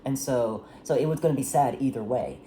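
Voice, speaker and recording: A woman's voice: extremely low pitch, brisk, dark tone, slight background noise. A woman casually retelling the plot of a historical drama, rambling with many restarts and fillers. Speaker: storyteller recapping a historical drama. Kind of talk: casual chat.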